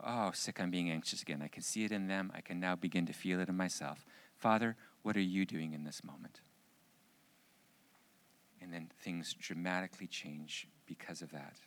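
An earnest male preacher with a somewhat low voice, speaking to a room of men. He repeats key lines for emphasis and builds to loud, fervent prayer. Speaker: pastor speaking at a men's gathering. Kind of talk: sermon with closing prayer.

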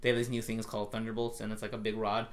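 A man's voice: on the low side, completely flat delivery, very fast. A man hosting a casual podcast, retelling things in a rambling, profanity-heavy way with lots of fillers. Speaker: podcast host. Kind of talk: casual chat.

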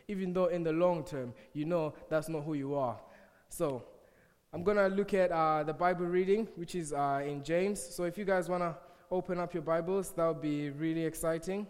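A young man with an African accent speaks to a church crowd, his voice sitting a little higher than most men's. He mixes scripture with playful, teasing asides. The room rings with a long reverb. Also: moderate pace, a little mellow. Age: young adult. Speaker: youth speaker. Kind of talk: church talk with jokes. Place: church hall.

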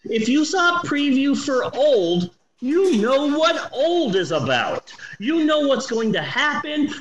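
A man's voice: sits high, roomy sound, a little hiss or hum, low-quality recording. A man in his forties casually reviewing a movie on a podcast, swearing often and talking with eager enthusiasm. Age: 40s. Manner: animated, swears a lot, enthusiastic.

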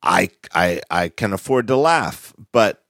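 A man's voice: sits low, lively intonation, measured pace, gravelly, fairly bright tone, dry recording, studio quality. A man hosting a podcast in casual chat, laughing often and repeating himself for emphasis. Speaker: podcast host.

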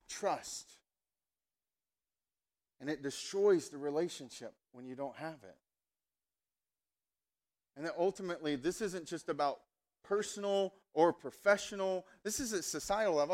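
A man preaching a sermon as a pastor, telling stories in a chatty, animated way and getting fired up and emphatic. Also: on the high side. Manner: conversational, animated storytelling with many asides; fired-up, emphatic when worked up.

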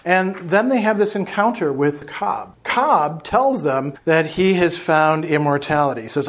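A man's voice: on the high side, expressive, a little slow, few pauses. A man giving a literature lecture, reading quoted passages aloud and then commenting on them in a conversational way.

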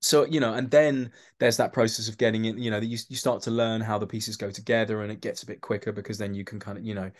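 Animated London man telling stories. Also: fairly low pitch, fast talker, few pauses. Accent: London English. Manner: animated storyteller, acts out quoted voices, many restarts. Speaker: actor guest. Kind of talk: podcast interview anecdotes.

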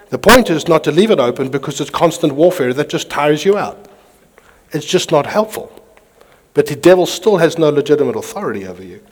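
A man preaching a sermon, reading scripture aloud with animated delivery while pacing. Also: a little high, fairly quick. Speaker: pastor. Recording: long hall reverb.

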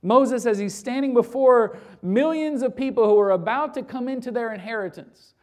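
A man preaching a sermon as pastor, emphatic, asking rhetorical questions and repeating phrases, swinging from loud urgent peaks to low quiet lines. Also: moderate pace.

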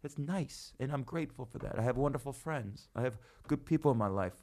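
A man in his thirties, a comedian hosting a podcast, talking in a loose, animated way that swings from loud to soft and swears freely. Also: medium pitch, a little fast. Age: 30s. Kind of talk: casual chat.

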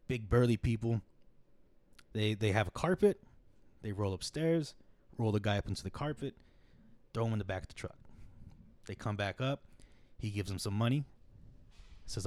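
Low-voiced man telling a rambling story. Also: darkish tone, no room sound. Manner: rambling, swears freely, acts out quotes. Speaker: podcast host. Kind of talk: casual storytelling.

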